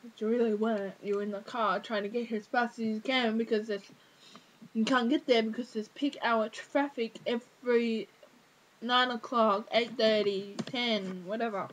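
A woman's voice: fairly high pitch, fairly even intonation, normal speed, low-quality recording. A teenage girl, ranting casually to camera with lots of fillers, exasperated. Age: teens. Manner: exasperated, rambling with many fillers. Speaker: vlogger.

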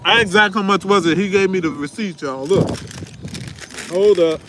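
High-voiced chatty man. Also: moderate pace. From Newark, New Jersey. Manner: chatty, talks straight to viewers, talks while chewing. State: slightly sniffly. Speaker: vlogger. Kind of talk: casual food vlog. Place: outdoors in a windy parking lot. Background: faint wind noise.

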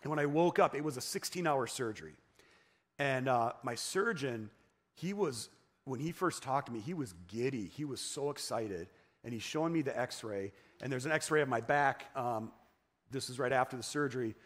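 A man with a medium-pitched, lively voice speaks at normal speed. He is a pastor in a church sanctuary giving a sermon testimony, telling his own story conversationally with many fillers and restarts.

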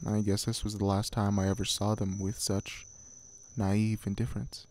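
Low-voiced man narrating a horror story. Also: flat delivery, moderate pace, darkish tone, a little hiss or hum.

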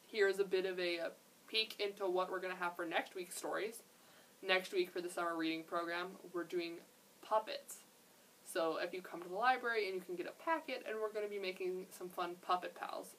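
Young librarian lady doing story time, gentle and expressive, mic a bit far away. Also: medium pitch, a little hiss or hum. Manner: gentle, expressive, chatty asides. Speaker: children's librarian. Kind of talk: reading a picture book aloud.

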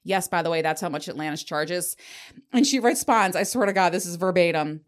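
A woman of around forty hosts a podcast, telling a story in casual chat with a lowish, expressive voice at a brisk clip. She's candid, swears freely, and laughs along the way.

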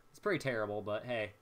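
A young man casually commentating his own naval battle game, excitable and jokey, talking to himself as he plays. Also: lowish voice, slight background noise. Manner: excitable, jokey, talks to himself while playing. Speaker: gameplay commentator.

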